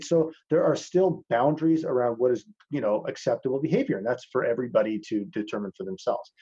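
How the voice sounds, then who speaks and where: A man's voice: medium pitch, warm tone, slightly rough, highs cut off. A man teaching a masterclass in casual talk over a video call. He is blunt, swears freely and calls his listeners "man".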